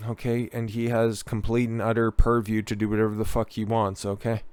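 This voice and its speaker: A man's voice: fairly low pitch, completely flat delivery, fairly quick, darkish tone, smooth, no echo. Profane, sarcastic male political ranter. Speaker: political commentator. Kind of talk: ranting political commentary.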